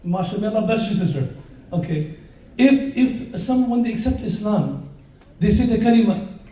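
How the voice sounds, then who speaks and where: A man preaching to a live audience in a big hall, his voice high and mellow. It rings with heavy echo and sits some way from the microphone. He tells stories and keeps drawing the listeners in with questions and jokes. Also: moderate pace. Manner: lively storyteller who questions and jokes with the audience. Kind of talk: live sermon with storytelling. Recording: very roomy echo, voice far from the mic.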